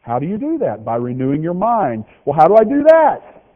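A man preaching a folksy, joking sermon, with lively swings in pitch. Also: brisk. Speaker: pastor. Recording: tinny phone-like radio broadcast of a hall.

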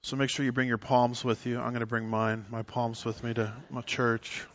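A man's voice: mid-range voice, level tone, normal speed, fairly bright tone, muffled recording. A man preaching a sermon, teaching with emphasis and citing scripture verses as he explains. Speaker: pastor.

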